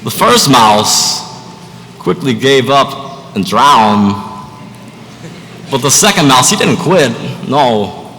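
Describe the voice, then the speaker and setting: A man doing an impression of a famous actor's slow, oddly paused way of talking while telling a fable. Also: mid-range voice, big pitch swings, sharp tone, full character voice. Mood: deadpan. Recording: echoey hall, faint noise.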